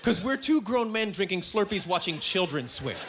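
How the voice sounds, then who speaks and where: A young man from Canada works a comedy club crowd, his voice pitched high and swinging widely as he acts out the people in his stories. He keeps checking in with "right?" between lines. The live stage recording carries a steady hiss under him. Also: normal speed. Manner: animated storytelling with acted-out quotes, frequent "right?". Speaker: stand-up comedian. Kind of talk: stand-up comedy set. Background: audience laughter.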